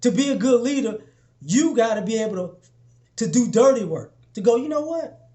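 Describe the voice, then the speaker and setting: A young adult motivational vlogger gives his followers a casual talk, preaching and repeating himself. His voice is expressive and mellow at a moderate pace, and he often acts out little exchanges in a lower voice.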